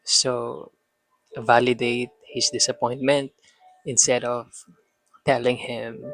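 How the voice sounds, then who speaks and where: A man who speaks to his son as a father, calmly giving parenting advice in an instructive, repetitive manner. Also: medium pitch, slow, pauses often, faint music behind. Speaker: parenting vlogger addressing a son. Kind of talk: advice monologue.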